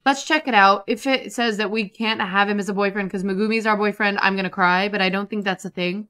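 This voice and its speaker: A woman giving casual, chatty commentary over a life-simulation game, excitable and prone to repeating herself. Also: mid-range voice, fairly quick, clear, resonant tone. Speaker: gaming YouTuber. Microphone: desktop USB microphone.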